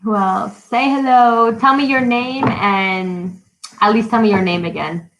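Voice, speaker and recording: A woman, an English teacher, greeting children by name and leading a live-streamed storytime lesson with slow, bright questions. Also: mid-range voice, poor audio. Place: her home in a city.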